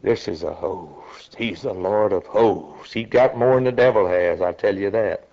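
A man preaching a sermon in a slow, dramatic way, climbing to loud high peaks. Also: lo-fi sound.

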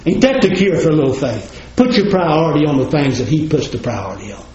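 A man's voice: fairly high pitch, lively intonation, brisk, mellow. A man preaching a sermon in a folksy, plain-spoken way, talking straight to his congregation. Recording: roomy, slightly dull recording.

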